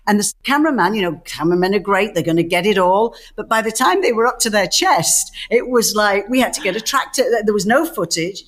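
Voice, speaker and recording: A middle-aged woman co-hosting a casual chat, telling stories with many restarts and acting out the quotes. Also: mid-range voice. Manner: lively storyteller who acts out quotes, many restarts. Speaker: podcast co-host.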